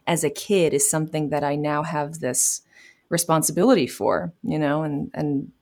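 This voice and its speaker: A woman's voice: sits low, steady tone, normal speed. A woman in her thirties from New York City, a voice actor answering interview questions in a chatty way, laughing easily. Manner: warm, chatty, laughs easily, many fillers. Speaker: voice actor guest.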